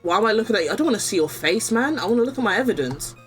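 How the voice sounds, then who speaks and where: A woman's voice: mid-range voice, lively intonation, very fast, faint music behind. A young woman streaming a game, chatting bluntly and casually while playing, often laughing. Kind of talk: casual gameplay commentary.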